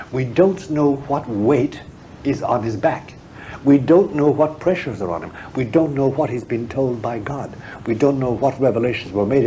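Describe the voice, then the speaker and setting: A man's voice: mid-range voice, warm tone, slight background noise, poor audio. A man speaking as an interview guest, a historian and theologian, talking frankly and emphatically, repeating words when he presses a point. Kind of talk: frank, discursive interview talk.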